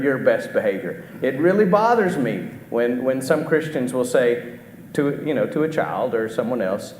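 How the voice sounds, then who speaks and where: A middle-aged man delivers a conversational sermon in a church hall with a long, ringing reverb. His voice sits at an ordinary pitch, and he keeps turning to the congregation with questions. He often restarts his phrases, and a faint hiss lies under the room sound. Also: big pitch swings, normal speed, darkish tone. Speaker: preacher. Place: church auditorium. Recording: echoey hall with faint background noise.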